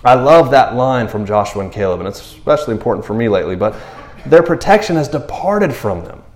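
A man gives a sermon in loose, casual speech, often slipping into the voices of the people in the story. His pitch swings widely as he talks. The sound is roomy, with a clear echo around his voice. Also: brisk. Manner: animated, slangy, acts out quotes in character voices. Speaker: pastor.

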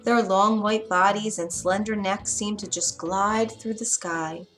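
A woman reading a children's story aloud, gentle and expressive. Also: medium pitch, unhurried, faint music behind.

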